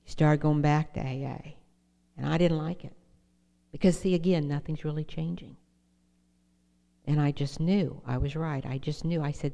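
A middle-aged woman speaks in a somewhat low voice, sharing her own recovery story as testimony. She talks earnestly and directly, often turning to the audience with questions. Her voice rings with the long reverb of a hall. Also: steady tone, moderate pace, vocal fry, long pauses, mellow. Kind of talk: personal testimony talk.

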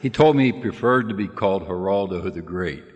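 A man's voice: sits low, animated, brisk, muffled recording. Folksy man telling stories in a hall. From Kentucky, USA. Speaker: recovery meeting speaker. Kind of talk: humorous storytelling talk. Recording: reverberant hall recording.

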